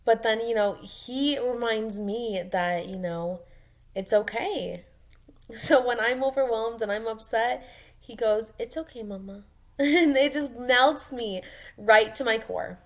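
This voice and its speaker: A young woman, a mom, talking casually and emotionally in a personal vlog, rambling with many ums and soft laughs. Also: on the high side, takes it slowly. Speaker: mom vlogger.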